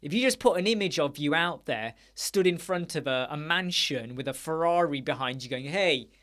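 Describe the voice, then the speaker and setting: A man's voice: expressive, normal speed, fairly bright tone. A man hosting a casual live-stream chat, answering viewers' questions in a chatty, blunt way. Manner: chatty and blunt, mimics people in a higher voice. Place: home studio.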